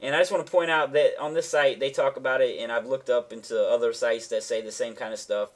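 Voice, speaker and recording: A man talks through gaming gear in a casual, rambling vlog, circling back and restarting his sentences as he goes. His pitch sits in an ordinary middle range, and his delivery stays loose and offhand, with a slangy edge. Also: fairly even intonation, quick pace. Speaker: gaming channel host. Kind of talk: casual tech vlog explanation.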